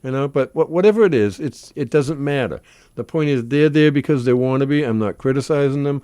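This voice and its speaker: A man with a Boston accent tells stage stories on a talk show at a medium pitch. He talks in an animated way, restarting his sentences often. The sound is close and dry. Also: brisk, no echo. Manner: animated storyteller with many restarts. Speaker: stage actor guest. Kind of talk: casual talk-show chat.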